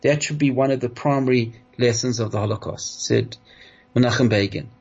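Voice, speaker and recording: Gravelly, husky middle-aged rabbi. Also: male voice, medium pitch, darkish tone. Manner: heartfelt, halting, many restarts and fillers; uses Hebrew and Yiddish religious terms. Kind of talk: sermon. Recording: dull lo-fi recording.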